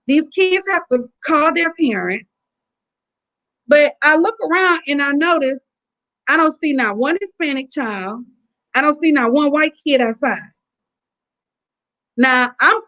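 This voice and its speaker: A woman's voice: high voice, fairly bright tone. A woman telling her story as a guest in a casual, indignant, emphatic way over a remote call. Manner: indignant, emphatic retelling with quoted dialogue. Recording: dull lo-fi call audio.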